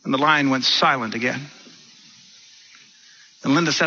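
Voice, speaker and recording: Brief: male preacher, high, very bright and husky voice, stammering restarts, dull lo-fi sound. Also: moderate pace, long pauses. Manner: animated, repeats words when starting sentences. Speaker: pastor. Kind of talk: sermon storytelling. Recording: dull lo-fi recording.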